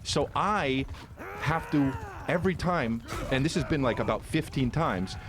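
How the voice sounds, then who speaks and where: Over a noisy background, a male comedian with a medium-pitched voice talks a little slowly. He's chatting casually, spinning an animated story laced with plenty of swearing.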